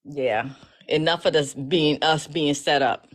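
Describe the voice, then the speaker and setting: Speaking unhurriedly in a deep voice, a woman who teaches law talks casually to her livestream followers. Her delivery is emotional and full of false starts.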